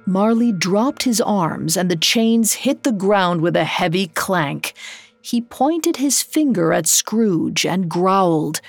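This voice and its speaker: A woman narrating a story from a script in a measured, dramatic way. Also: medium pitch, lively intonation, no echo.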